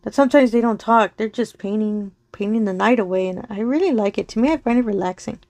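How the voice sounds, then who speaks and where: A woman chatting casually while diamond painting on her craft channel, her voice going soft and slow as she focuses, with frequent giggles. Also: medium pitch, no room sound. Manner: giggles often between remarks. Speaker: crafting vlogger.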